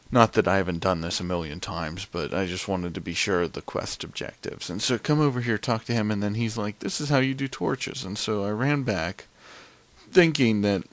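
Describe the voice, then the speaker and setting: A man's voice: lowish voice, no echo. A man casually narrating his gameplay in a chatty, rambling way.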